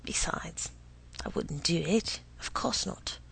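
Slow, gravelly-voiced woman reading a story. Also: fairly low pitch, fairly bright tone, rough recording. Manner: often drops to an unvoiced whisper. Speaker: reader. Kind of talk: dramatic reading of a first-person story.

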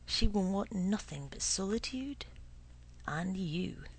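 A woman voicing a sly old male potion seller who speaks slowly and suavely, with a husky, gravelly voice. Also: medium pitch, lively intonation, full character voice. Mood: knowing. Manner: slow, suave, insinuating.

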